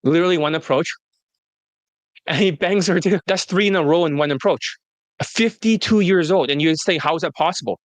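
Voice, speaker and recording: A man's voice: high-pitched, normal speed, no room sound. A man working as a dating coach, talking bluntly and crudely in a casual interview and laughing often.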